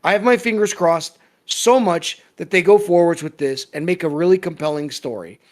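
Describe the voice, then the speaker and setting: In a casual review chat, a co-host with a mid-range voice rants heatedly at a moderate pace, swearing freely. The delivery is forceful and fired-up.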